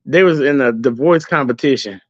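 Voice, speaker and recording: A man's voice: medium pitch, brisk, dry recording, muffled recording. A man hosting his own channel, telling a story in a loose, chatty way to viewers and laughing easily as he goes. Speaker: channel host. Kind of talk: casual storytelling to livestream viewers.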